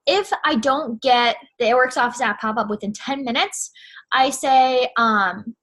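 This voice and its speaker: A woman's voice: a little high, unhurried, a bit bright. A young woman casually giving sales advice in a chatty vlog, full of "like" and "you know what I'm saying". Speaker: network marketing seller.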